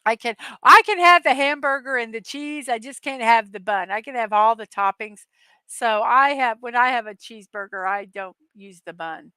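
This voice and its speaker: A bright, fairly high-voiced middle-aged woman hosts a casual morning live chat, upbeat and rambling, with plenty of ums and uhs. The sound is close and dry, with no room around it. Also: moderate pace, clean tone, no room sound. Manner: chatty and upbeat, many fillers and asides, reads viewer comments aloud. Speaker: host of a daily morning show.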